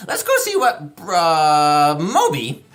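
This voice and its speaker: Brief: woman kids'-show host, playful and encouraging, lively sing-song pitch, unhurried pace. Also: soft background music. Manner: playful and encouraging, talks to viewers as friends; chatty, thinks aloud with fillers and laughs. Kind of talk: children's educational show hosting.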